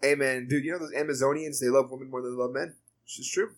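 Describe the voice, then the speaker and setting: A man's voice: medium pitch, steady tone, fast. A married man co-hosting a podcast, joking and laughing through crude casual banter. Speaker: podcast co-host. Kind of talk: casual chat.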